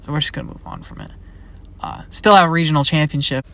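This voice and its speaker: A man's voice: fairly high pitch, fast talker, creaky. Young man rambling through a casual Q&A. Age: young adult. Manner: relaxed, rambling, trailing off. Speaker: YouTube creator. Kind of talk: casual Q&A chat.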